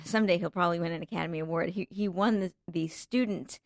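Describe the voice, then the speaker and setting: A woman with a low, gravelly voice chats as a podcast guest, meandering through her thoughts with ums and restarts. The sound is close and dry, with no room around her. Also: fast, no room sound. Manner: chatty, many ums and restarts. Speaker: actress and guest. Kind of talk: casual podcast chat.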